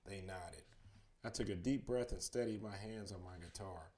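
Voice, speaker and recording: Man narrating a bedtime story; lowish, steady, expressive. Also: moderate pace. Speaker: storybook reader.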